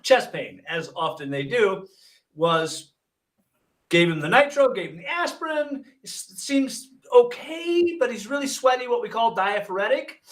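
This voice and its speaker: Recorded from a distance, a very high-pitched man from Michigan tells an anecdote a little slowly and casually. He's a hypnotist and paramedic, an animated storyteller who acts out the dialogue with wry jokes.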